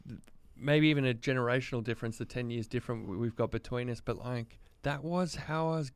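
A man in his thirties with an Australian accent, a podcast guest talking candidly and reflectively, often pausing and restarting his sentences. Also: mid-range voice, clear, resonant tone, no room sound. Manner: reflective, halting, many restarts. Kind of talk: candid conversational interview.

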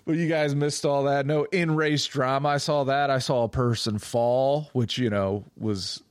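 Slow-talking man telling a race story. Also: mid-range voice, smooth, no room sound, studio quality. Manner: animated, profane storyteller who acts out quotes. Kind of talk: casual chat, storytelling.

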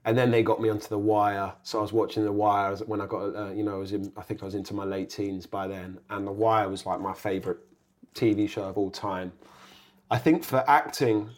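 Man, young adult, low voice, rambling, animated, podcast guest. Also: brisk. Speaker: actor guest. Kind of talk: casual interview chat.

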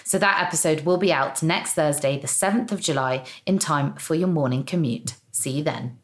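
A British woman with a very low voice co-hosts an interview podcast. She asks questions and reads the episode outro, sounding lively and giggly. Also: normal speed, faint music behind. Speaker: podcast co-host. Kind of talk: casual interview chat.

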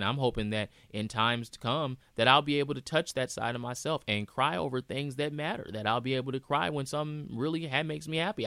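A man's voice: mid-range voice, bright, forceful tone, clear, resonant tone, no room sound. A man speaking as host in a reflective personal monologue, earnest and repeating phrases for emphasis.

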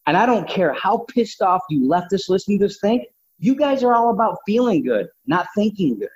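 A man's voice: high-pitched, big pitch swings, a little fast, darkish tone, breathy edge. A man talking bluntly and combatively, swearing freely in casual opinionated talk. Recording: dull lo-fi sound.

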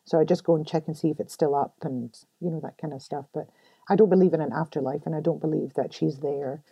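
Brief: middle-aged woman, podcast guest, mellow low voice, American accent with a light Scottish touch, candid and expressive, dry close sound. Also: quick pace, vocal fry, slightly rough, dry recording, highs cut off. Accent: American-tinged English with a light Scottish touch. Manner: candid and expressive, laughs often. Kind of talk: casual interview talk. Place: home room.

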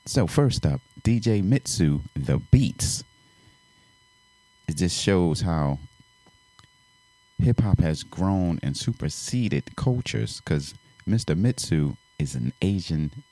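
A man hosting a radio music show, talking between tracks in a laid-back, drawn-out way with bursts of playful hype. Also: low-pitched, expressive, mellow, no echo. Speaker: radio DJ host.

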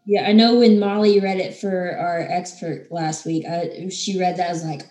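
A woman's voice: fairly low pitch, steady tone, normal speed, hardly any pauses, warm tone. A woman in a casual book discussion who reacts in an openly emotional, empathetic way. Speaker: book club member.

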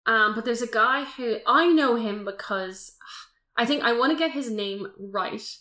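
A woman's voice: fairly high pitch, a little slow, bright, forceful tone. A woman co-hosting a podcast, chatting casually and rambling about films, swearing now and then. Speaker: podcast co-host. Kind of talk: casual film review chat. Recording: roomy echoey room.

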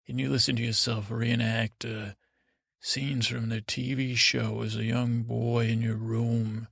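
Gravelly man rambling a bedtime story. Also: medium pitch, little pitch movement, a bit bright, no echo, clean studio sound. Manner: meandering, halting, full of restarts. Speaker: podcast host.

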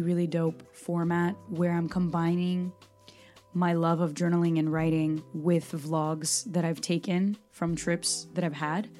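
Passionate, mellow-voiced woman podcaster. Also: lowish voice. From Brazil. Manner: passionate and talkative, emphatic. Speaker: podcast host. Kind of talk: solo Q&A podcast monologue.

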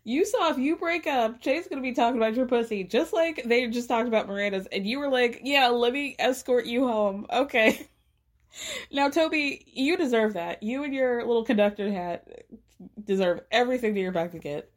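A woman hosting a podcast, recapping a TV show in a casual, profane, animated way and laughing often. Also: a little high, a little fast. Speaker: podcast host.

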